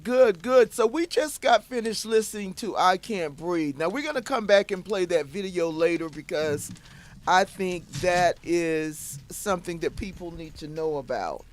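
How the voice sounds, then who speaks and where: A woman hosting an internet radio show in casual talk, sounding low and saddened, hesitant and full of fillers. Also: lively intonation, unhurried. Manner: subdued, hesitant, many fillers.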